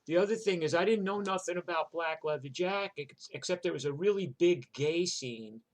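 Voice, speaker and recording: A man's voice: on the high side, moderate pace. Profane rambling New man in his 60s. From New York. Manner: rambling and profane, full of "like" and "you know". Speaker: storyteller. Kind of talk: casual spoken memoir.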